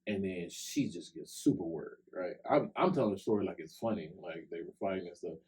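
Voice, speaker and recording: A very deep-voiced podcast co-host tells a story into his mic, animated and fairly quick with a darkish tone. His casual storytelling is loose and conversational, thick with "like" and "right?", and the audio is rough.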